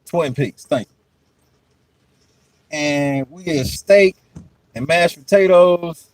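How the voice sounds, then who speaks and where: A young man and podcast host telling stories in a casual chat, profane and animated, often breaking into laughter. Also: fairly high pitch, slow, no echo, low-quality recording.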